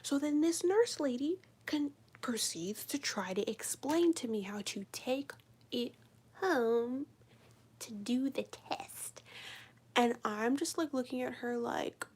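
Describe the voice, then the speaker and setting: A woman chatting casually on a live stream, telling a rambling, profane story full of "like" and sometimes dropping to a hushed whisper. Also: fairly high pitch, slow, husky. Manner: drops into a hushed whisper at times.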